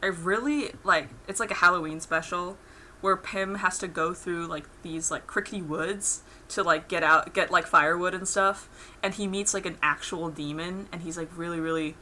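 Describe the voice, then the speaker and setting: Bright rambly young woman streamer. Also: lowish voice, moderate pace, slight background noise. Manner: rambling, lots of "like" fillers, laughs through stories. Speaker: art streamer. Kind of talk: casual chat while drawing on stream.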